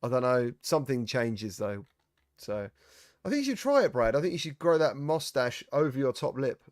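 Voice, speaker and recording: Lively British podcast host. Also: male voice, medium pitch, normal speed, no room sound, studio quality. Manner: laughing, teasing banter. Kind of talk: casual chat.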